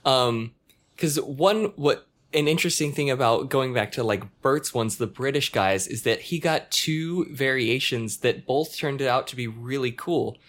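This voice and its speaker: A man's voice: medium pitch, a little slow, a bit bright. A man chatting casually, swearing, full of "like" and fillers. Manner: laid-back, swearing, lots of "like". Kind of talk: casual chat.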